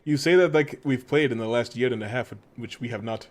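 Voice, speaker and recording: A man's voice: mid-range voice, brisk. A man live-streaming a game and chatting casually with viewers. He swears freely, laughs often and pokes fun at himself. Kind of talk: casual gaming stream chat.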